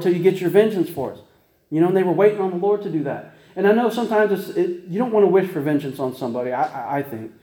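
A man's voice: a little high, dark tone, echoey room, poor audio. A man preaching a casual sermon, chatty and folksy, with many restarts and laughing at himself as he tells stories.

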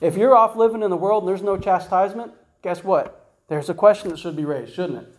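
A man's voice: high-pitched, a little fast, rough recording. A man giving an informal Bible teaching in a conversational way, often asking "right?" and "guess what?" to the listener. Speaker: preacher.

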